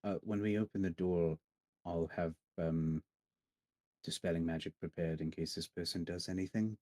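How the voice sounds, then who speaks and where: A man's voice: low voice, fairly even intonation, moderate pace, dark tone, no room sound. A man playing a tabletop game, hesitant and thinking aloud with many restarts. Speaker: player. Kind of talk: casual tabletop play.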